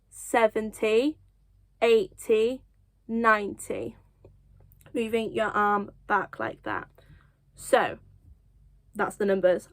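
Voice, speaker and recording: A young woman teaching children sign language, counting slowly and encouraging them with light self-deprecating laughs. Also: medium pitch, fairly bright tone, dry recording. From United Kingdom. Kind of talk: children's lesson, slow counting.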